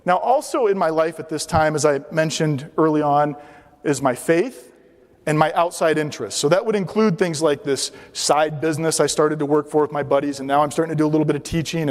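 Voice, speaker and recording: A middle-aged man with a slightly raised voice gives a storytelling lecture. He talks in a chatty, self-deprecating way and acts out the dialogue he quotes. His voice rings with the long reverb of a lecture hall. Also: on the high side. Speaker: guest lecturer.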